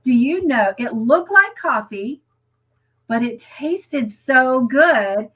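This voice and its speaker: A woman's voice: high-pitched, animated, slow, husky, muffled recording. A woman co-hosting a crafting livestream, chatting casually and reading viewer comments aloud, with frequent giggles. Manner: chatty and giggly, lingers on stories.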